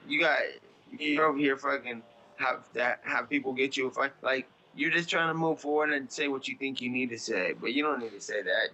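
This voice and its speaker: A man's voice: mid-range voice, brisk, bright, forceful tone, highs cut off. Man, blunt and profane, rambling casual talk, faint background noise. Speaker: interview guest.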